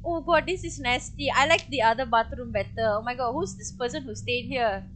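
A woman's voice: on the high side, fairly quick, a bit bright, slight background noise. A young woman, chatting through her own gameplay as a streamer and talking to her viewers. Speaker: game streamer. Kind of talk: live gameplay commentary.

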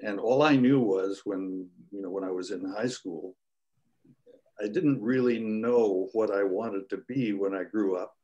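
An older man, a guest scholar, telling stories from his life on a video call in a folksy, unhurried way with chuckling asides. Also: fairly low pitch, dark tone, highs cut off. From United States. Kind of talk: reflective storytelling.

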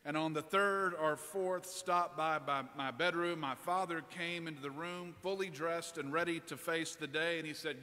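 A man preaching a sermon in a church, telling a personal story in a relaxed, conversational way. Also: on the high side, moderate pace, hardly any pauses. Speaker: priest preaching. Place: large church. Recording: long church reverb.

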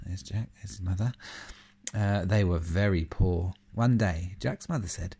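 A man reading a picture book aloud to a child, adding questions and comments between the pages, and speaking softly and tenderly at the end. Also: low voice, unhurried, husky. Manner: animated reading with asides and questions to the listener; soft and tender in closing words. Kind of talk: storybook read-aloud to a child.

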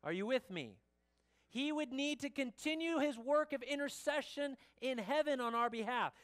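A pastor preaching a sermon in a church, slow and emphatic, dropping the voice low at the ends of phrases and asking the congregation direct questions. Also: lively intonation, fairly bright tone.

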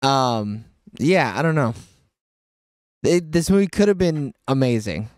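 A man's voice: mid-range voice, measured pace, clear, resonant tone, no echo. A man co-hosting a casual film review podcast, swearing freely and joking around. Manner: profane, animated, laughs often. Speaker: podcast co-host.

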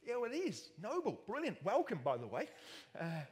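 A man with an Australian accent preaching a sermon in a church, jokey and animated with self-mocking asides. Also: sits high, normal speed. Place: church hall. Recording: long church hall reverb.

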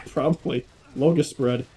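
A man's voice: medium pitch, a little slow, mellow, slightly rough. A young man chatting casually while playing a video game, joking, swearing and laughing a lot. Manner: laughs often, jokey, swears. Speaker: gamer. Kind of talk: casual gaming chat.

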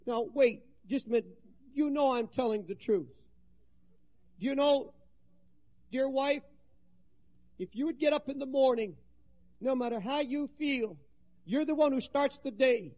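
A high-pitched man preaching with fervor, dropping low and then rising to shouts. The sound is dull and lo-fi, like an old 1970s sermon tape. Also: unhurried, pauses often. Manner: impassioned, swings between hushed and shouting.

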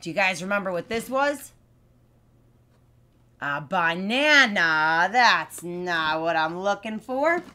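Slow, lively children's teacher, a woman. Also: mid-range voice, slight background noise. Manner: slow, exaggerated, repeating words for kids to copy. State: voice still not fully recovered. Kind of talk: live sing-song lesson for young children.

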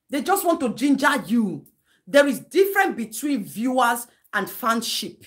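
A woman's voice: on the high side, very animated, a little slow. A Nigerian woman hosting a live-stream gossip commentary, lecturing and scolding in a chatty way, laughing between her points.

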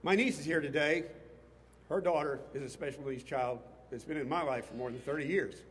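A man's voice: on the high side, a little fast, a bit bright, long reverb tail. A man, a state legislator, giving an impassioned speech to a crowd outdoors, rising to emphatic bursts. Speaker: state legislator addressing a rally. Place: outdoors on capitol steps before a crowd.

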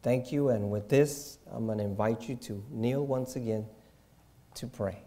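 A man preaching with a slow, unhurried delivery. His voice is dark and mellow, and his tone is reverent, sinking into quiet, hushed asides. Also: mid-range voice. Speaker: pastor. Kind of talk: sermon.

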